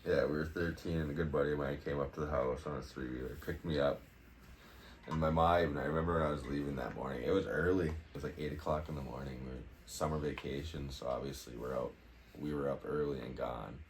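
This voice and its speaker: A man's voice: a bass voice, steady tone, quick pace, slight background noise. A man co-hosting a podcast, telling a story in a laid-back way. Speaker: podcast co-host. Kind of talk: casual chat.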